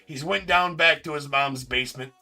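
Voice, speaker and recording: A man's voice: on the high side, moderate pace, sharp tone, faint music behind. A man hosting a live card break stream, talking casually and teasing viewers in the chat with loose, rambling banter. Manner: teasing, rambling, with frequent laughs and filler words.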